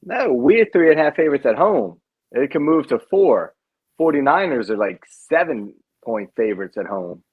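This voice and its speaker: A man's voice: mid-range voice, moderate pace, husky, dry recording, phone-quality sound. A man co-hosting a podcast, talking casually and matter-of-factly about sports with his friend. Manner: relaxed, matter-of-fact sports talk. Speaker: podcast co-host. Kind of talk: casual chat.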